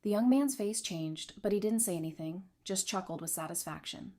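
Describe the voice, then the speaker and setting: A woman giving scripted narration of a romance comic recap in an even, steady storytelling manner. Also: medium pitch, moderate pace.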